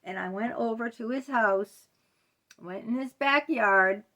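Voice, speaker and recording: A woman's voice: on the high side, unhurried, fairly bright tone, muffled recording. Indignant middle-aged woman telling a story. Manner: indignant, conversational, many fillers. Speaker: vlogger. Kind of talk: personal storytime vlog.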